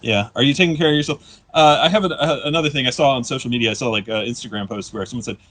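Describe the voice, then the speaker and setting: Rambling deadpan male stand-up comic. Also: mid-range voice, rapid-fire. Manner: rambling, self-deprecating, deadpan asides with restarts. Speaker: stand-up comedian. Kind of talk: live stand-up set. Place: comedy stage before a live audience.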